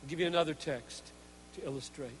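A man preaching a sermon in an earnest, emphatic way, moving between hushed stretches and forceful ones. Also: a little high, fast talker, slight background noise. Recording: hall reverb.

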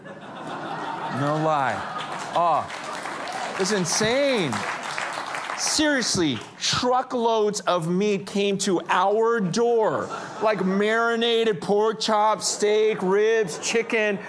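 A man preaching a sermon, telling stories with energy and swinging between hushed and excited moments. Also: high voice, drawn-out words, crowd noise. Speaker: pastor.

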